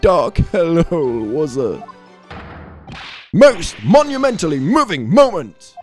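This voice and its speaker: A melodramatic young male prisoner voiced by a man, grandiose and theatrical, rolling out alliterative flourishes with wildly swooping pitch. His lines sit over faint game music. The delivery is a hammy, over-the-top game voice. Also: very animated, slow pace, darkish tone.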